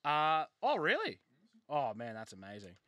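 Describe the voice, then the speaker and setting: A man hosting a live trading card break, excitably calling out each card and joking with a co-host. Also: on the high side, normal speed, no room sound. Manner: excitable, banters and jokes while calling out pulled cards. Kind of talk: live case break commentary.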